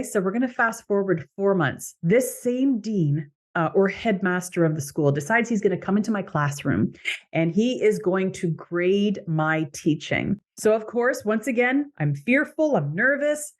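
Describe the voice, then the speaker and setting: A woman's voice: medium pitch, expressive, measured pace. A middle-aged Canadian woman hosting a podcast, telling a personal story in a conversational way and quoting other people. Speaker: podcast host, coach. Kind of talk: podcast monologue.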